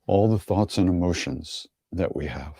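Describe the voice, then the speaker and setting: Relaxed low-voiced man, dry wry storytelling. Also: breathy edge, dry recording. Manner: easygoing, wry, chuckling, halting with many fillers. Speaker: spiritual teacher answering viewer questions. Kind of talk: casual online Q&A storytelling.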